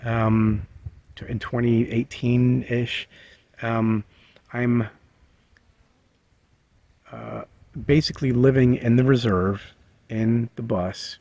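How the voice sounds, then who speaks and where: A man casually telling a personal story, halting with many fillers and restarts. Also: mid-range voice, steady tone, warm tone, dry recording. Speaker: vlogger sharing a memory. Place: living in a bus.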